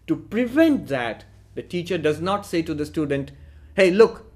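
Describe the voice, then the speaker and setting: Man, spiritual teacher, lecture, measured, rhetorical questions, fairly high voice. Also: sing-song, darkish tone. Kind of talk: philosophical lecture.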